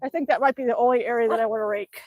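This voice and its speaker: An older woman with a high, chirpy voice chats on a live stream from home, reading comments and laughing between sentences. She pedals an exercise bike as she talks and coos at her dog in baby talk. The sound is close and dry, with almost no room echo. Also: fairly even intonation, racing, darkish tone. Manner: working out on an exercise bike while talking. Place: at home, indoors.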